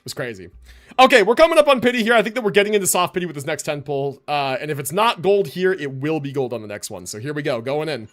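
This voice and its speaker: Excitable high-voiced young man streaming. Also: fast talker, faint music behind. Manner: excitable, hype, laughs a lot, swears casually. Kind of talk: casual livestream commentary.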